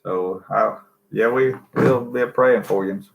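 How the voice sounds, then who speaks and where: A man's voice: fairly low pitch, takes it slowly, creaky. Easygoing Southern man reading chat. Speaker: co-host reading live chat. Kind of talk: casual chat.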